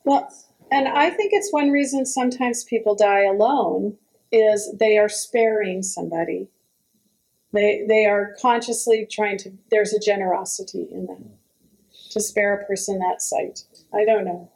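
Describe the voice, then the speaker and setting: A woman author leading a Q&A at a book talk, speaking calmly, gently and reflectively. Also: mid-range voice, measured pace, rough recording.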